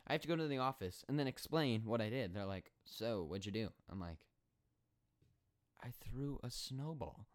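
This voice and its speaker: Rambling twenty-year-old podcast host. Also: male voice, lowish voice, fairly quick, few pauses. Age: 20s. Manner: animated, rambling, sarcastic storytelling with many fillers and restarts. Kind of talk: solo podcast storytelling.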